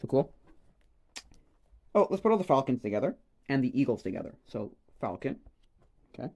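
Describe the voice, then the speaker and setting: A man on a casual livestream, rambling and exclaiming excitedly as he opens trading cards. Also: mid-range voice, normal speed, lo-fi sound. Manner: excitable, rambling, exclaims over each card. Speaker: streamer opening a card pack.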